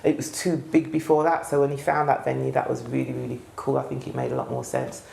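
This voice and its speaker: A woman's voice: extremely low pitch, steady tone, fast, vocal fry, dark tone, a little hiss or hum. A woman who sang in a choir, reminiscing casually in an interview and searching for memories. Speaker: choir singer. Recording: echoey room with faint ambience.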